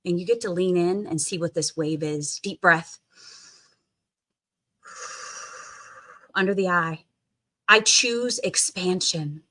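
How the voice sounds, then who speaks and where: A woman guiding a tapping meditation, coaxing listeners to repeat phrases and take deep sighing breaths. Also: fairly even intonation, moderate pace. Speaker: tapping session leader.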